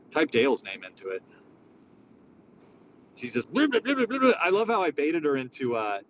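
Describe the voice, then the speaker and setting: A man's voice: mid-range voice, a bit bright, lo-fi sound. Profane, rambling man ranting. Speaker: host of a social audio room. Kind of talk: casual ranting chat. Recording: faint background noise.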